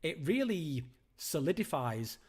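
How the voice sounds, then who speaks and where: A man's voice: on the high side, sing-song, a little slow, a little mellow, husky. A man hosting a live call-in stream from home, chatting casually and rambling with lots of fillers and restarts. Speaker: host of a live call-in show.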